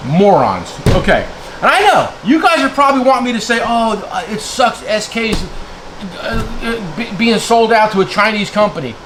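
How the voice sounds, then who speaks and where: A man's voice: very high-pitched, expressive, moderate pace, background noise. A man from New Jersey, a tool dealer, ranting heatedly to his viewers in a blunt, name-calling way, checking in with "okay?" again and again. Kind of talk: heated rant to camera.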